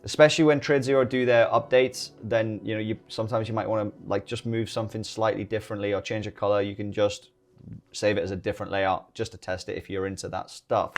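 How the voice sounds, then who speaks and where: A middle-aged British man giving a relaxed software walkthrough tutorial, full of joking, rambling asides. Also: lowish voice, quick pace, soft background music. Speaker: day-trading YouTuber. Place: home desk early morning.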